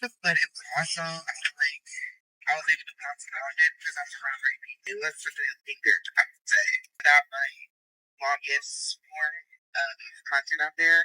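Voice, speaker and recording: A woman, a yoga teacher being coached, speaking haltingly and searching for words with fillers. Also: deep voice, huge pitch swings, bright, forceful tone, dry recording, low-quality recording. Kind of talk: casual coaching session.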